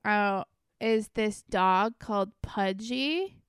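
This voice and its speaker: A woman's voice: mid-range voice, slow pace, clear, resonant tone, no room sound, clean studio sound. A young woman chatting casually as a podcast co-host, telling stories with lots of "like" and "um". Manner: chatty storytelling with many likes and ums. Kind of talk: casual chat.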